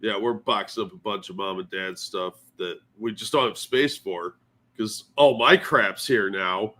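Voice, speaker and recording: A man co-hosting a casual morning stream, sounding sleepy and poking fun at himself. His voice is bright and forceful, and he swears freely as he chats. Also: on the low side, measured pace. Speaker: podcast co-host.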